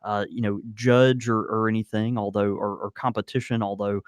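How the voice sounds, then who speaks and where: A man co-hosting a casual podcast, talking in a halting way with many fillers and restarts. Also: on the low side, level tone, smooth, dry recording, studio quality. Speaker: podcast co-host. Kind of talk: casual chat.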